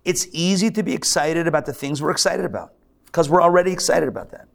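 Animated, gravelly-voiced rabbi preaching. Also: male voice, a little high, quick pace. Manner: animated, joking, acts out mock quotes. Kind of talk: live sermon to a congregation. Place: synagogue hall.

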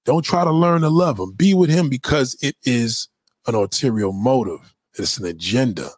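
A commentator delivers a blunt, crude rant packed with swearing, in a preachy tone. His medium-pitched voice is expressive and moves at a moderate pace, with no echo.

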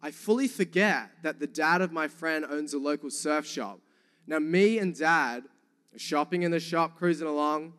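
A man's voice: a little high, normal speed, clean tone, long reverb tail. A young man with a New Zealand accent, preaching a sermon and telling funny stories to the congregation. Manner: lively storytelling, jokes with the congregation. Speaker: youth pastor.

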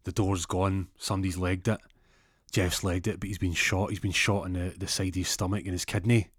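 Deep-voiced man rambling through a story. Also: little pitch movement, fairly quick, no echo, clean studio sound. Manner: rambling, profane, with repeated restarts. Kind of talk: casual anecdotal storytelling.

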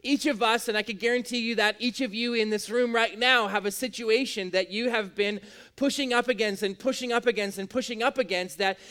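A man's voice: steady tone, a little fast, bright, forceful tone. A young man preaching a sermon to a room, in a conversational way, acting out quotes with sudden jumps in his voice. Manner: conversational, acts out quotes with big pitch jumps. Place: in a room with an audience.

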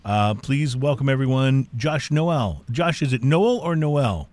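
A man's voice: mid-range voice, measured pace, darkish tone, no room sound. A man hosting a radio talk show in an upbeat, conversational manner, introducing and interviewing a guest.

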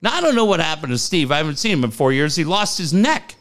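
A middle-aged man, co-hosting a sports talk show and telling stories in an excitable, profane way. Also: fairly high pitch, fast talker. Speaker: sports radio co-host. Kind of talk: casual chat.

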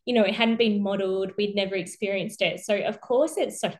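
A woman, a nurse who is a guest on a podcast, telling stories in a lively way, laughing often and acting out quotes. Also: mid-range voice, a little fast. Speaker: perinatal mental health nurse, guest. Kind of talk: casual conversation.

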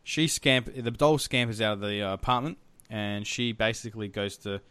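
A man's voice: on the low side, moderate pace, a bit bright, smooth, dry recording. A man hosting a podcast, laid-back and laughing easily as he retells a film plot. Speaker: podcast host.

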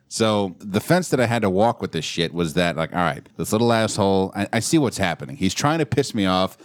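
A man's voice: low voice, fairly quick, few pauses, dry recording. A man telling a story in casual profane banter, swearing freely and acting out the people in it. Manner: animated, swears freely, acts out shouting in stories.

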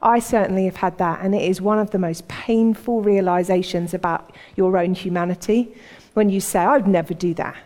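A woman's voice: medium pitch, steady tone, normal speed, a little mellow. Woman preaching in a reverberant hall. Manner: conversational storytelling, acts out quoted voices. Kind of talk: sermon.

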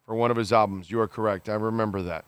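Reading out listener comments on his podcast, this man speaks in a fairly low, steady, smooth voice with no room sound. His reactions are blunt and exasperated, full of free swearing, halting restarts, and plenty of fillers.

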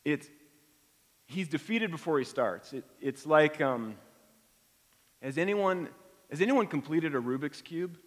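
A man's voice: on the high side, lively intonation, unhurried, pauses often. A middle-aged man preaching a conversational sermon, acting out the feelings he quotes. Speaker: pastor. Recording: long hall reverb.

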